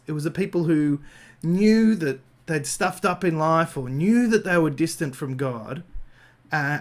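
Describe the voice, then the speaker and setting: An Australian man giving an improvised Christian talk, thinking aloud with frequent fillers and restarts. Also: on the high side. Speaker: Christian speaker.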